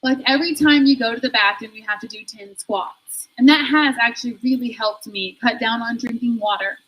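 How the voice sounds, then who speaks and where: A woman's voice: on the high side, brisk, muffled recording. A woman performing a stand-up comedy set, self-deprecating and laughing through her own jokes.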